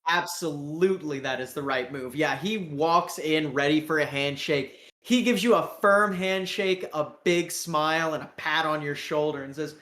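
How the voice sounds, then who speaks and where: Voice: medium pitch, moderate pace, few pauses, a bit bright, reverberant. A game master narrating a tabletop game in a loose, filler-heavy, laid-back way.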